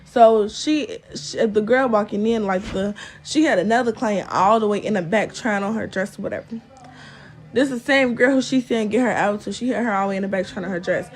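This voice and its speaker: A woman's voice: medium pitch, brisk. A young woman telling a story to her viewers in casual chat, exasperated and talkative, often calling them y'all. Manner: chatty and exasperated, addresses viewers as y'all, fills with "or whatever". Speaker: storytime vlogger.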